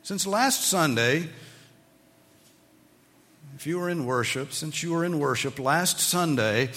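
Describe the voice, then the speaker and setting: A man's voice: a little high, slow, long pauses, big-room sound. A man preaching a sermon as pastor, teaching and asking his listeners emphatic questions. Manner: animated, rising to emphatic questions.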